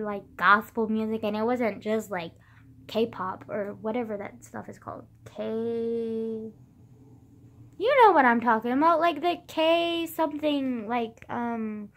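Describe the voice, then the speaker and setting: A woman's voice: on the high side, a bit bright. A young woman in her late teens rambling casually to camera in a vlog, full of "like" and loose swearing. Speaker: vlogger.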